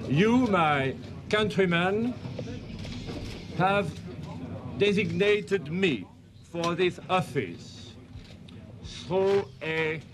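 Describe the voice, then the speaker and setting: Very slow, solemn man. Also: sits high, lively intonation, a crowd in the background. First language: French. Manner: solemn and measured. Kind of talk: formal speech delivered slowly. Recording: noisy background with vehicle sounds.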